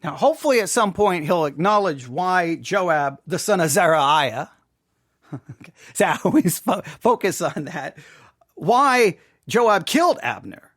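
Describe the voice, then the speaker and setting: Lively high-voiced man reviewing a sermon. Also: a little slow, dry recording, clean studio sound. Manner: thinks aloud with restarts, self-questioning. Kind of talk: casual commentary.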